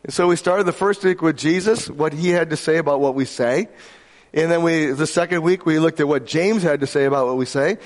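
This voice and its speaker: A man from Michigan delivers a sermon with a slightly high voice, chatty and playful, tossing questions out to the congregation. His voice rings with the long reverb of a large church hall. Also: a little fast. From Michigan, USA. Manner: conversational, jokey, asks the audience questions. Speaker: pastor.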